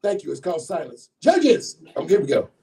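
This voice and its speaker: A man emcees a poetry slam in a bookshop, chatty and playful as he fires up the crowd. His voice is high yet mellow. He sounds a little off-mic, as if caught from a few steps away. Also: very animated, a little fast, vocal fry, far from the mic, slight background noise, rough recording. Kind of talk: live event hosting. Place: bookshop event space, live audience. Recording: voice heard from off-mic.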